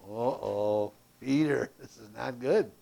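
A man teaching a Bible class from a handout, animated and folksy, with playful asides and loudness that swings from emphatic to hushed. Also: mid-range voice, takes it slowly, vocal fry.

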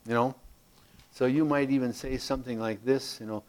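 Speaking in a mid-range voice at a moderate pace, a man leads a Bible class using a handout. He's lively and folksy, tossing in playful remarks, and his loudness shifts from emphatic to hushed.

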